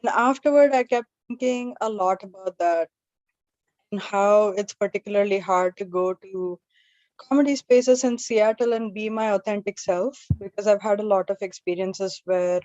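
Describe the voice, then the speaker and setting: A woman's voice: mid-range voice, moderate pace, darkish tone, no echo, muffled recording. A woman hosting an open mic and doing stand-up, telling stories in a chatty, self-deprecating way. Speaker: open mic emcee and comedian.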